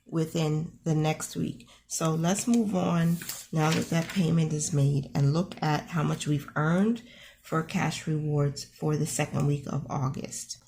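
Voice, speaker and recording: Woman in her thirties, low voice, gravelly morning voice, friendly budgeting vlog walkthrough, encouraging. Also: darkish tone, a little hiss or hum. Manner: friendly and encouraging, talks through numbers aloud. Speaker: budgeting channel host. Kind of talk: casual screen-share budget walkthrough.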